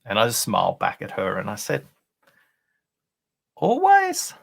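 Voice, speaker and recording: A man's voice: fairly low pitch, steady tone, quick pace, vocal fry, a bit bright, breathy edge. A man, an author and guest on a leadership show, telling a story in an earnest, explanatory way over a video call. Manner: earnest, explanatory, acts out quoted dialogue. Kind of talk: conversational storytelling.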